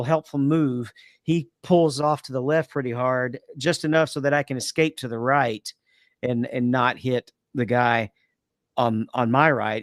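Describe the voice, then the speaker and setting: A man co-hosting a casual podcast, telling long, rambling race stories with quick asides. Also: medium pitch, no echo, clean studio sound. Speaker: podcast co-host. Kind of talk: casual chat.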